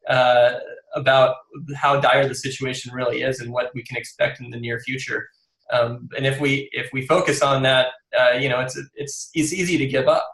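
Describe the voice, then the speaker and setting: Male interview guest, gravelly voice, earnest, often restarts, echoey room. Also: mid-range voice, fairly bright tone. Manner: earnest, many fillers and restarts. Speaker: guest author. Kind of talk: casual interview.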